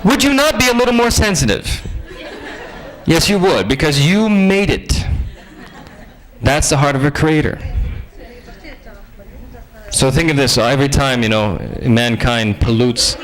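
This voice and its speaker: Give me a man with a somewhat high voice giving a joking, conversational sermon-style lecture. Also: measured pace, long pauses, rough recording. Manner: conversational, joking, lively asides.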